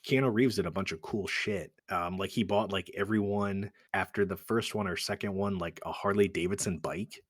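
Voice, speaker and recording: A man co-hosting a podcast, chatting casually about films, animated and swearing, acting out quotes. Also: low-pitched, normal speed, hardly any pauses, dry recording, studio quality. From Italian heritage. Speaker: podcast co-host. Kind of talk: casual film chat.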